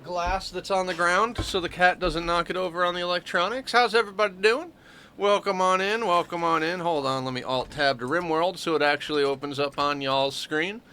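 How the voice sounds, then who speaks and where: A man's voice: high-pitched, brisk, sharp tone, a little hiss or hum. A sleepy man chatting casually with his livestream chat, joking and greeting viewers by name. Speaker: streamer.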